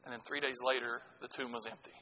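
A middle-aged man preaching a sermon, swinging from loud, punchy lines to hushed ones. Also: mid-range voice, little pitch movement, quick pace, in a large hall, slight background noise, low-quality recording. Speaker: pastor.

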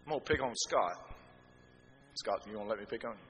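A middle-aged man preaching a sermon, swinging from quiet explanation to loud, emphatic appeals. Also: lowish voice, lively intonation, fairly quick, slight background noise. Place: church hall. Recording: long hall reverb.

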